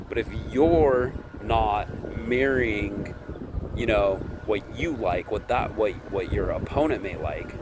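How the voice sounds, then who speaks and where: A man's voice: lowish voice, background noise. A man chatting casually to camera about his vending business, rambling and ending nearly every sentence with "right?". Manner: acts out quoted dialogue in his retelling. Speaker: candy vending business vlogger. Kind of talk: casual vlog talk to camera.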